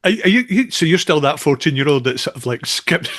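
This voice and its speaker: A man's voice: on the high side, expressive, a little fast, fairly bright tone. A man with a Scottish accent hosting a podcast, chatting casually and teasing his guest. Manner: playful, teasing. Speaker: podcast host. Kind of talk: casual interview chat.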